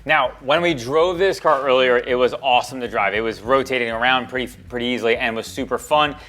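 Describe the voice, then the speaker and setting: A man helping with a car project in a garage, relaxed and cracking jokes while he works. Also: medium pitch, brisk. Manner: relaxed, wisecracking while wrenching. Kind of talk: casual garage chat.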